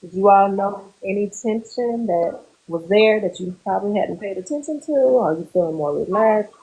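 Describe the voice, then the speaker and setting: A woman therapist leading a group through a guided muscle relaxation exercise, giving slow, calm instructions with pauses. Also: mid-range voice, rough recording.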